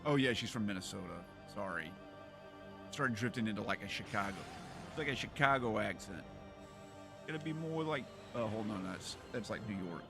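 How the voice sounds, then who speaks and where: A man's voice: fairly low pitch, expressive, moderate pace, gravelly. Joking male game streamer. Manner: rambling, joking, voices game characters. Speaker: gaming streamer. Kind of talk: casual playthrough commentary. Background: game music.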